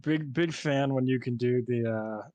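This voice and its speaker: A man's voice: medium pitch, measured pace, a little mellow, highs cut off, slight background noise. A man co-hosting a casual show recap, sarcastic and critical in his remarks. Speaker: podcast co-host. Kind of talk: casual chat recapping a TV episode.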